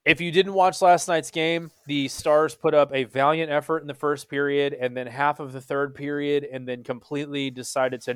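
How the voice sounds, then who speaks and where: A young man from Texas, hosting a casual hockey podcast, animated and swearing freely. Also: medium pitch, no room sound. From Texas, USA. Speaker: podcast host.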